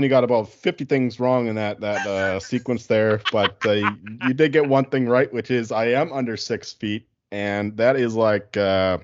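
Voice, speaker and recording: A man co-hosting a casual sports podcast, ranting loudly and swearing freely. The sound is dry and close, with a dull, lo-fi tone. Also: fairly low pitch, no room sound. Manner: profane, ranting, animated. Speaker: podcast co-host.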